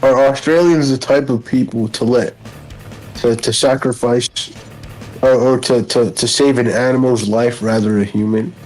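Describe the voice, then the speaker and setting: A man on a casual voice chat, hesitant and stumbling, restarting his words often. His pitch sits mid-range, and faint music plays behind him. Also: steady tone, normal speed, a little mellow, poor audio. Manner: hesitant, stumbling, easily confused. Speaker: guest on voice chat.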